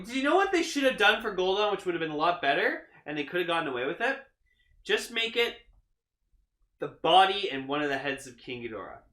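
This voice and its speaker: A man's voice: high-pitched, bright, forceful tone, echoey room. A man co-hosting a podcast in casual chat, swearing freely and laughing easily. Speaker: podcast co-host.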